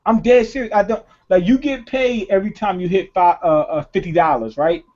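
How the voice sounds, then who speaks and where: A young man, the host, telling a story in casual chat with a profane, animated delivery and acted-out quotes. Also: high-pitched, a little fast. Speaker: podcast host. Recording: dull lo-fi recording.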